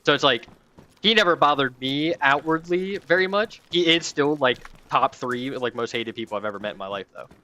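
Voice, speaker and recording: A young man chats loosely while gaming, leaning on fillers and dropping swear words as he goes. His voice has a bright, forward edge. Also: mid-range voice, a little fast. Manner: rambling, filler-heavy, swears freely. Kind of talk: casual chat while gaming.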